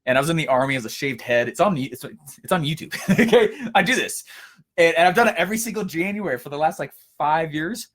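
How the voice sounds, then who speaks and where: A young man giving a casual coaching lesson, energetic and storytelling, with frequent fillers and restarts. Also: on the high side, fast talker. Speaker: course instructor.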